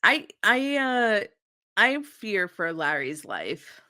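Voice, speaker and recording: A woman's voice: mid-range voice, big pitch swings, slow, noisy background. A woman co-hosting a podcast, giving wry, opinionated commentary in a casual chat about a TV episode. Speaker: podcast co-host.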